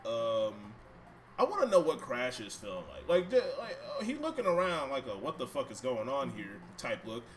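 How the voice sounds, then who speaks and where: This is casual live-stream talk: a man at home plays a video game on stream, joking with viewers and swearing without restraint over game music. He speaks at medium pitch and normal speed in a sing-song way, with some background noise.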